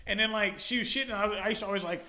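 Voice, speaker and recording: A man telling stories in a casual chat as a podcast guest, animated, full of slang and swearing, laughing often. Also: high voice, racing, reverberant.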